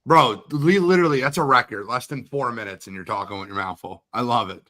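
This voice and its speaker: A man hosting a livestream draft watch party, hyped and talking quickly, shouting out guests and asking viewers to share. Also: mid-range voice. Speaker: host. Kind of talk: energetic livestream chat.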